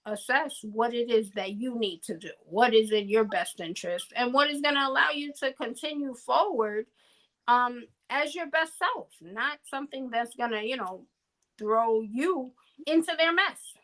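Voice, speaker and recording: A woman's voice: on the high side, normal speed, fairly bright tone, poor audio. A woman co-hosting a podcast in casual reflective chat, earnest and musing, often asking "you know what I mean?" and laughing easily between points. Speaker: podcast co-host.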